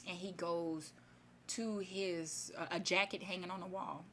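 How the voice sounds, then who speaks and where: A woman's voice: fairly low pitch, steady tone, unhurried, a bit bright, a little hiss or hum. A woman casually retelling a fairy tale in her own words, rambling and chatty, with many restarts. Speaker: storyteller.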